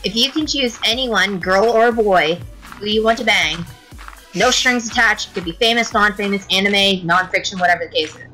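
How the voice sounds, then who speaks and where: A young woman with a bright, forceful voice hosts a casual gaming livestream. She chats, teases and laughs easily with her friend. Soft music plays faintly underneath. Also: medium pitch, rough recording. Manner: teasing, chatty, quick to tease and laugh. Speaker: streamer and host. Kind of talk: casual chat while livestreaming a game.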